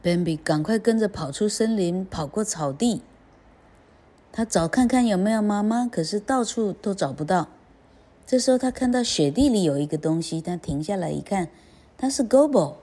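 A woman host narrating a storybook slowly and gently, switching between two languages. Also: medium pitch, animated.

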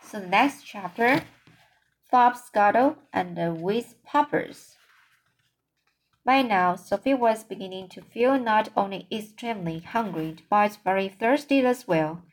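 A woman reading a children's book aloud, slow and careful with occasional slips. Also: mid-range voice, lively intonation, slight background noise, rough recording. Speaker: reader.

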